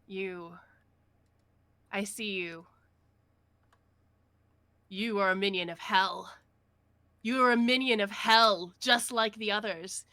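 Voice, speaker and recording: A man's voice: high voice, level tone, extremely slow, pauses often, bright, forceful tone, smooth, dry recording, heavily acted. Woman doing a raving old sea dog. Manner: frantic, raving. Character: deranged old male sea dog sailor.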